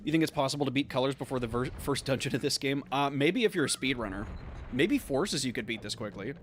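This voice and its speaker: A young man streaming a game, talking casually with sarcastic, excitable reactions. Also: medium pitch, quick pace, a little hiss or hum. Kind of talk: casual live-stream commentary.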